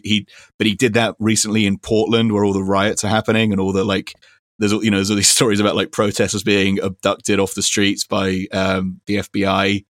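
A man's voice: deep voice, a bit bright, dry recording, clean studio sound. A man hosting a podcast, recommending things in a loose, rambling way, full of fillers and restarts. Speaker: podcast host. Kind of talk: casual recommendation chat.

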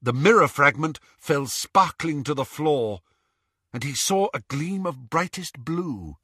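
Slow, expressive male audiobook narrator. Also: on the high side, slightly rough, no room sound, studio quality. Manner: expressive, dramatic reading. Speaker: audiobook reader.

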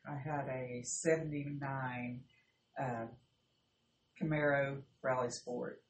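Slow, low-voiced woman, far off. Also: flat delivery. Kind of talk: casual chat. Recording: echoey room, far from mic, faint noise.

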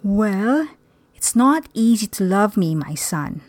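A gentle male god speaks in a soft, calm voice with a light teasing edge, as a woman reads his lines. The delivery is slow. The sound is dry and close. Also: medium pitch, no room sound. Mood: tender.

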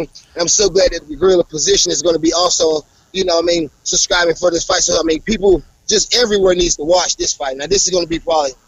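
Hyped-up wrestler with a gravelly voice. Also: male voice, no room sound, muffled recording. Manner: hyped, animated, promo-style trash talk with big pitch jumps. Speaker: professional wrestler. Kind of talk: casual interview over a call.

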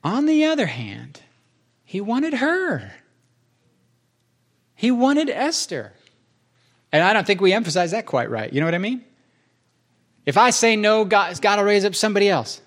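A middle-aged man talks through a reflective topic in a relaxed, conversational way. His voice sits a little high for a man. He grows animated when he tells a story and drops into short acted asides. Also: brisk. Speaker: podcast host. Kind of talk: casual reflective chat.

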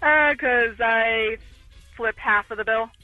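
A woman's voice: fairly high pitch, takes it slowly, dry recording, faint music behind. A woman calling in to a radio show, laid-back and good-humored. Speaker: caller. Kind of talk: phone-in chat. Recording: muffled phone line.

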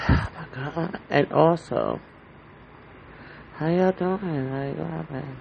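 A man talks slowly and unhurriedly in a casual solo podcast monologue. His voice is deeply gravelly, with heavy vocal fry throughout. He rambles in an anxious, heartfelt way, with loose fillers and swearing. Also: lo-fi sound, a little hiss or hum. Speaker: podcast host.

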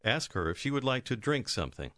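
A man's voice: medium pitch, sing-song, fast talker, pushed and bright, dry recording, clean studio sound. A man narrating a recorded language course, giving instructive prompts to the learner. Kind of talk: scripted lesson narration.

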